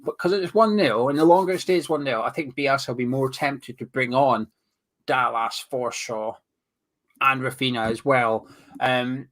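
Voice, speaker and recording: A man talking through a football match in casual, rambling analysis. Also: mid-range voice. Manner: rambling, repeats his points. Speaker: football pundit.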